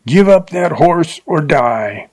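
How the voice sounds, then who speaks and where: A man voicing a feared, angry Western gunman who shouts and sneers in a storybook reading. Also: medium pitch, sing-song, slow pace, husky, exaggerated voice. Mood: derisive. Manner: fierce, derisive.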